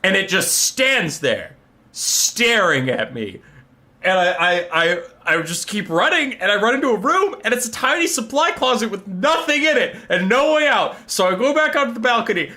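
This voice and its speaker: Young male streamer, casual and foul-mouthed, with a bright, sharp tone. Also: high-pitched, moderate pace. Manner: animated, profane storytelling. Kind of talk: casual live-stream chat.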